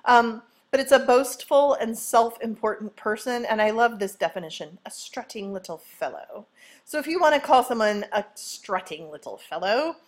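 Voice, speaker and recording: A woman high school English teacher giving a playful, chatty vocabulary lesson at home, often checking in with "okay?". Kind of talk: casual vocabulary lesson video.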